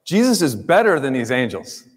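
A man preaching a sermon to his congregation in a church sanctuary. His voice sits at a middling pitch, swinging between emphatic rises and quiet drops as he speaks. The sound carries a long reverb from the large room. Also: very animated, moderate pace, slightly rough. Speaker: pastor.

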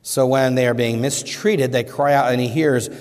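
A pastor preaches a sermon in a hall with a long reverb, his medium-pitched voice steady and a little mellow at a moderate pace. He speaks earnestly, his voice rising with emphasis whenever he quotes scripture.

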